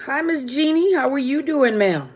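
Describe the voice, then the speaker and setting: A woman's voice: high voice, lively intonation, moderate pace. A woman hosting a live question-and-answer stream, chatting casually and greeting viewers one by one by name.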